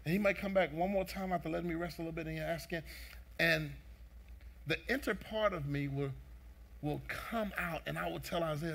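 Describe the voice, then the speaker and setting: A man's voice: on the high side, moderate pace, gravelly, fairly bright tone. A male pastor preaching a sermon with fervent, repeated emphatic phrases, speaking straight to his congregation.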